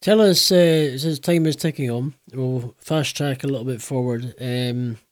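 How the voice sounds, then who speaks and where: A man hosting an interview, talking in a relaxed, rambling way with hesitations. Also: medium pitch, unhurried, dry recording, clean studio sound. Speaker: podcast host. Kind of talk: casual interview.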